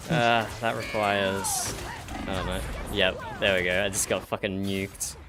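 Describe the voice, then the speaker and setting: A man's voice: low voice, fairly even intonation, unhurried. A man with an Australian accent chatting in a laid-back way while playing a game, swearing casually. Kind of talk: casual chat while gaming. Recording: stream audio with music. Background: clear music.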